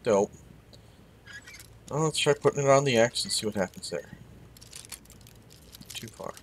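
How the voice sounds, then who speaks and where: A man's voice: mid-range voice, measured pace, a little hiss or hum. Wry man chatting through a game. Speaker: gaming video host. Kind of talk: casual let's-play commentary.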